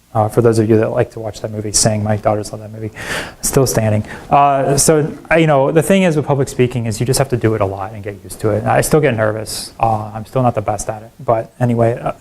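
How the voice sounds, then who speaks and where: A man's voice: medium pitch, a little hiss or hum. A middle-aged man, a professor, giving a public lecture full of self-deprecating stories and asides like "right?". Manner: animated storyteller, self-deprecating, frequent "right?" and "like". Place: university lecture hall.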